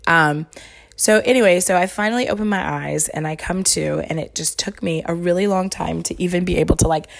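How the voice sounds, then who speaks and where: A woman hosts her podcast and tells a personal story in an earnest, heartfelt way. Her voice sits a little low and carries a gravelly fry. She rambles as she goes, with plenty of fillers, restarts and "like"s. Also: brisk. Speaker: podcast host.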